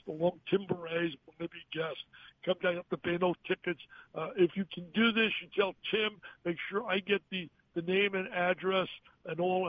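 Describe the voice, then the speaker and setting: An older man on a phone call, telling stories in an animated way and acting out the voices of the people in them. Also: high voice. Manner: animated, acts out quoted voices. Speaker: guest. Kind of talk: emotional storytelling on a call-in. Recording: tinny phone line with faint hiss.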